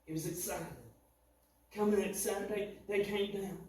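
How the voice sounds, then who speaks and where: A man preaching a sermon, telling a story dramatically, swinging between loud and hushed. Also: high voice, steady tone, moderate pace. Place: church sanctuary. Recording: echoey church from far off, faint noise.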